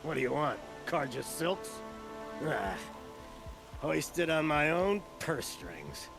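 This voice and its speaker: Gambler, gravelly, sardonic, lively pitch, video game, music behind. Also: male voice, slow, heavily acted. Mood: grumbling. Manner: sardonic, grumbling. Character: gruff middle-aged male gambler, greedy and wry.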